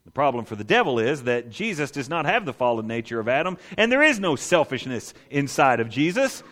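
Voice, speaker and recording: A male pastor preaching a sermon in an animated, conversational way with rhetorical asides. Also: mid-range voice, fairly quick.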